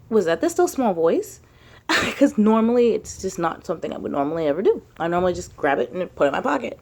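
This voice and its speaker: A spiritual vlogger talks casually to camera in a rambling way, sprinkling in fillers like "like" and "you know" along with casual swearing. Her voice sits at medium pitch, slightly mellow, and she speaks fast and animatedly.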